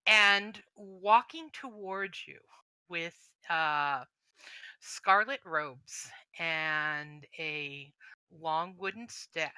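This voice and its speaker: Slow bright-voiced woman game master. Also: on the low side, smooth, no echo, low-quality recording. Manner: descriptive, hesitant with fillers. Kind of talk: narrating a tabletop game.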